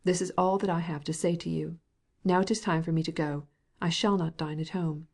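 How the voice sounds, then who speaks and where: A woman's voice: on the low side, steady tone, fairly quick, gravelly, a little mellow. A woman voicing a cold, formal, resentful middle-aged husband in an audiobook, speaking in a clipped, cold way.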